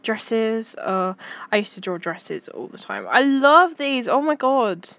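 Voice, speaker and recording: A woman's voice: on the high side, animated, slow, a bit bright. A young woman chatting casually to her stream while browsing pictures, giggly and talking to herself.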